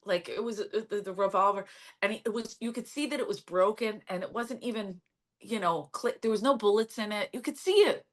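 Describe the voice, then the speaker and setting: A brash woman with a Philadelphia accent tells stories in a loose, casual chat. She talks at a middle pitch and acts out the lines of the people in her stories with punch. She comes across as a stand-up comic spinning a yarn. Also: a little fast. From Philadelphia area. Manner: brash, animated storyteller acting out quotes. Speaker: stand-up comedian guest.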